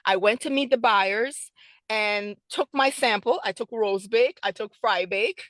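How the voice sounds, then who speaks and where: A middle-aged woman, a food business owner, telling her story as an interview guest in an excited, animated way, acting out the conversations she recalls. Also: a little high, measured pace, no echo.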